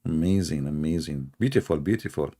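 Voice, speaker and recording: A man's voice: extremely low pitch, brisk, warm tone. A man hosting a mocking commentary show, sarcastic and chuckling at his own jokes. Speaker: show host.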